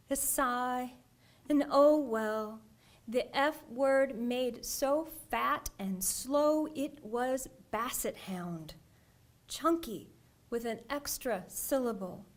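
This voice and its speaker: A woman poet giving a deliberate poetry reading, her phrases trailing off into a breathy near-whisper. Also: fairly high pitch.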